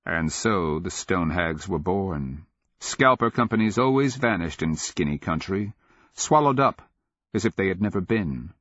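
A man giving steady, measured scripted narration of a fantasy audiobook, on a dull lo-fi recording. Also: sits low, no room sound.

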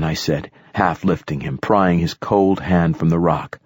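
A man narrating a first-person audiobook in a steady, tense storytelling manner. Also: low-pitched, measured pace, husky, no echo, studio quality.

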